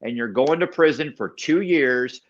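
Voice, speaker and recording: A man's voice: medium pitch, unhurried. Man, interview guest, emphatic storyteller, repeats phrases, plays other voices in the tale, dull lo-fi sound. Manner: acts out other people's lines in the story. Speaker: podcast guest. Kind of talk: personal recovery testimony.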